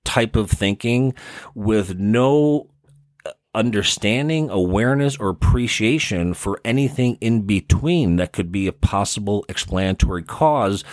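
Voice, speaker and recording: A man with a Midwestern American accent talks through therapy concepts in a relaxed, conversational podcast monologue. His voice sits low, and the recording is dry and close, with no room sound. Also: dry recording. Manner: conversational, explains with everyday examples. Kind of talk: casual explanatory monologue.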